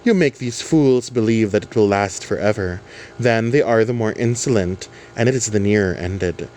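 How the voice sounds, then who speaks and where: A man's voice: fairly low pitch, moderate pace, a little mellow, a little hiss or hum, natural voice. A man voicing a sly, scheming middle-aged shopkeeper who speaks in a knowing, confiding way.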